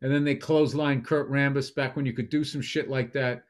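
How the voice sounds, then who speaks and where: A man's voice: mid-range voice, steady tone, a little fast. A man hosting a casual podcast as a comedian, blunt and profane, needling his co-host.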